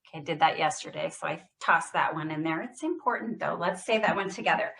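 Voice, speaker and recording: A woman speech therapist leading a guided voice exercise class over a computer mic. She speaks deliberately, stresses every word and projects loudly when she models phrases. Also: on the low side, animated, creaky. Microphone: computer mic on a video call.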